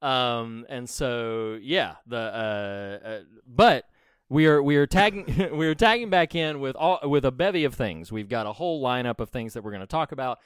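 A man's voice: mid-range voice, moderate pace, smooth, no echo, clean studio sound. A man co-hosting a podcast in casual chat, laughing often and telling jokes. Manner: laughs often, tells jokes with put-on voices. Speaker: podcast co-host.

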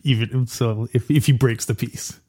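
A man co-hosting a podcast in casual chat, chatty and quick to laugh, often restarting his sentences. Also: mid-range voice, fairly even intonation, mellow, husky. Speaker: podcast co-host.

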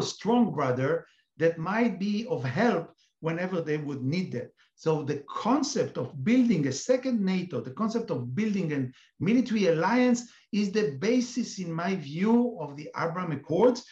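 A man's voice: high voice, animated, moderate pace, darkish tone. A man with an Israeli accent, an expert guest in an interview, explaining at length with many hesitant fillers. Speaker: counter-terrorism expert guest. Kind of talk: interview, telling an anecdote. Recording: echoey, dull remote audio.

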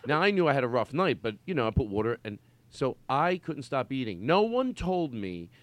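Middle-aged male comedy host, animated pitch, rambling and giggly. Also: moderate pace, dry recording. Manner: laughs often, rambling storyteller. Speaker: podcast host. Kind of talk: casual comedy chat.

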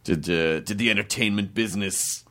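A man's voice: lowish voice, normal speed, pushed and bright. A man hosting a podcast in a casual chat, laughing often and restarting his phrases. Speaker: podcast host.

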